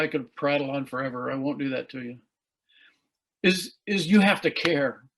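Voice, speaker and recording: A man's voice: on the high side, a bit bright, poor audio. Earnest older man telling stories on a call. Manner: earnest storytelling, emotional at times. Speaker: guest speaker. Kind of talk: leadership talk on a video call. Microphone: video call.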